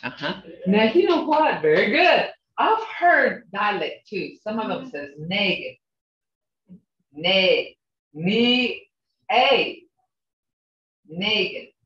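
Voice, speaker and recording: A woman's voice: mid-range voice, sing-song, takes it slowly, pauses often, fairly bright tone, recorded from a distance. An older woman teaching a language class over a video call, coaching patiently and checking in with a frequent "okay?". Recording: muffled, echoey video call audio.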